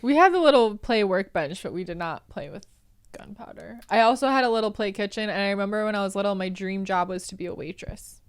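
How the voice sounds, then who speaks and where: A woman's voice: medium pitch, fast, clean tone. A woman guest on a comedy podcast, telling family stories in casual chat, laughing often and doing impressions. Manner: chatty storyteller, laughs often, does impressions.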